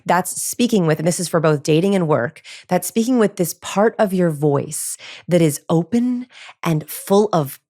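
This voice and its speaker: Woman, behavioral researcher, podcast guest, animated, demonstrates voices, lowish pitch. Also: normal speed. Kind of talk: casual chat with vocal demonstrations.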